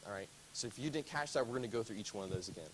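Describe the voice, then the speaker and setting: A man's voice: fairly low pitch, animated, racing, a little hiss or hum, poor audio. A man teaching a Bible study class in a casual, conversational way, often asking the group questions.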